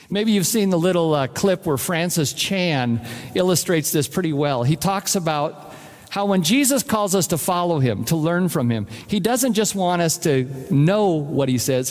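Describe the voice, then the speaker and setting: A man's voice: high voice, lively intonation, normal speed. A man preaching a sermon as pastor, emphatic and direct, repeating his key phrases to the congregation. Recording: long reverb of a large hall.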